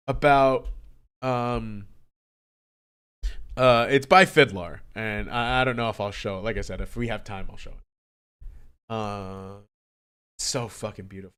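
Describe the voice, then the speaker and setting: A man streaming live, talking casually about an album he loves, excitable and swearing often, swinging between hushed and loud. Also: medium pitch. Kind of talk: casual livestream music commentary.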